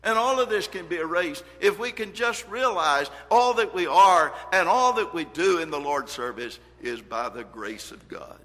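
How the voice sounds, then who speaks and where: A man's voice: sits high, expressive, normal speed, few pauses, sharp tone. Earnest male preacher in an echoing hall. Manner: earnest, emphatic scripture reading with shifting volume. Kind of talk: sermon.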